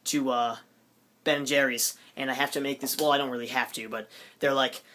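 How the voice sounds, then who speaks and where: A man's voice: medium pitch, fairly even intonation, fairly quick, bright, forceful tone. A teenage boy rambling in a goofy, jokey way for his vlog, interrupting himself often. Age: teens. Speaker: vlogger. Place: his room.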